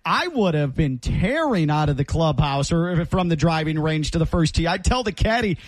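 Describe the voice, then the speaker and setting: A middle-aged man co-hosting a casual sports talk show, animated and jokey as he tells stories. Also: a little high, normal speed, no echo. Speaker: co-host.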